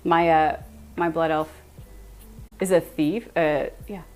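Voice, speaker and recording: A young American woman chatting casually with her viewers on a live stream, animated and quick to laugh. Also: low voice, faint music behind.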